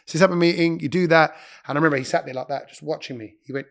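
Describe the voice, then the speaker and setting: Fast-talking man telling stories. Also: a little high, gravelly. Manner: quick, chatty storyteller who interrupts himself. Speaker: radio presenter, podcast guest. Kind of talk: casual interview chat.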